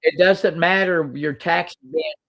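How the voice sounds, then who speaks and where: A man's voice: high voice, measured pace, pushed and bright, low-quality recording. A man hosting a casual live-stream, bluntly explaining legal questions to viewers. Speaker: host answering legal questions.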